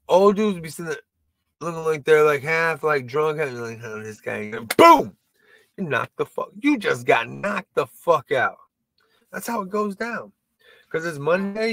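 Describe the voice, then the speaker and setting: Man in his sixties, rambling profane stand-up, slightly high voice, dry close sound. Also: fairly bright tone, no echo. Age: 60s. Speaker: comedy show host.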